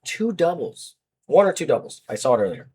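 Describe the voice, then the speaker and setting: A man's voice: mid-range voice, sing-song, brisk, a little hiss or hum. Rambling man calling betting picks. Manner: rambling, self-correcting, swings between mumbles and loud outbursts. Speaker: sports betting host. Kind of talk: casual betting picks chat.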